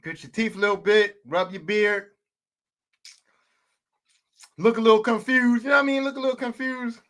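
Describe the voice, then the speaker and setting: A man's voice: sits high, fairly even intonation, fast, fairly bright tone. A man hosting a podcast, delivering a heated, profane sports rant full of repeated rhetorical questions. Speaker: podcast host.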